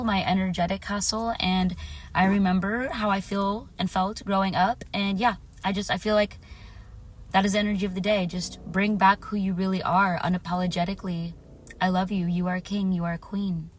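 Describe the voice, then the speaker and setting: A woman's voice: medium pitch, level tone, normal speed. A woman vlogger telling a personal story in a casual, earnest way, repeating phrases for emphasis and affirming her viewers directly. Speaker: spiritual vlogger.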